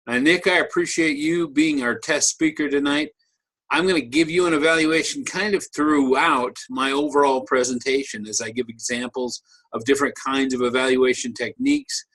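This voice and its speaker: A man's voice: mid-range voice, steady tone, normal speed, a bit bright. A man giving a conversational online teaching talk as a workshop presenter, joking and restarting phrases as he goes.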